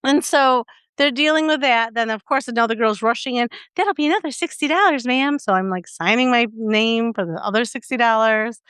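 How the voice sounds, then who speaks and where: A woman's voice: fairly high pitch, a little fast, fairly bright tone, clean tone, no room sound. A young adult woman co-hosting a podcast in casual chat, telling a story animatedly with lots of fillers and acted-out quotes. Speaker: podcast co-host.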